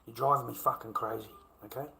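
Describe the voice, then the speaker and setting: A man's voice: mid-range voice, steady tone, fast talker, gravelly, sharp tone, reverberant, a little hiss or hum, rough recording. A man with an Australian accent, ranting heatedly to camera and swearing constantly as he repeats his points. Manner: profane, heated, repetitive.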